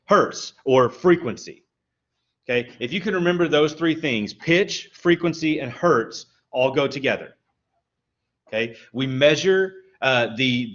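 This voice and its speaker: Lecturing a college music class, the man works through terms methodically and keeps checking understanding with "okay?". His voice is mid-range and fairly bright, recorded in dull lo-fi quality.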